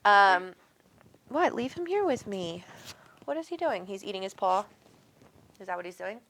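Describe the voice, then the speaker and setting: A woman with a Minnesotan accent, a spiritual medium, hosts a livestream where she chats casually and affectionately while reading viewer comments aloud, using plenty of ums. Her medium-pitched voice is sing-song and a bit bright at a moderate pace, with a little hiss or hum.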